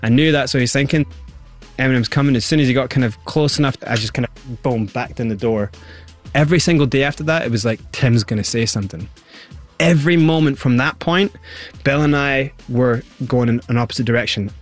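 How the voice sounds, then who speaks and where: A man's voice: medium pitch, brisk, faint music behind. Man telling a story. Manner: animated retelling, acts out quoted voices. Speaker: guest. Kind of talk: storytelling interview.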